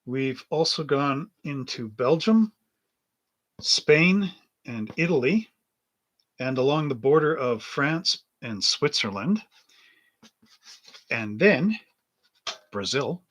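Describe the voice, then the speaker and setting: A man's voice: mid-range voice, animated, slow pace, long pauses, a bit bright. A man hosting a live stream from his hobby shop, chatting casually and rambling as he reads the chat aloud. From Canada. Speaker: livestream host and hobby shop owner.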